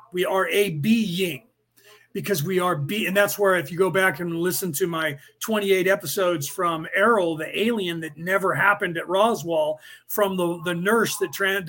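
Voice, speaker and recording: A man with a high voice hosts a podcast in casual, rambling commentary. He talks emphatically and reads listener comments aloud. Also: a bit bright. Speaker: podcast host.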